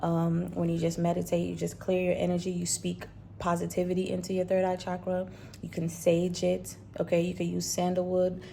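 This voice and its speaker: A woman's voice: fairly low pitch, monotone, normal speed, gravelly, mellow, slight background noise. A woman talking as a spiritual vlogger, earnest and repetitive in a coaching tone. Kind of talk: reflective spiritual talk.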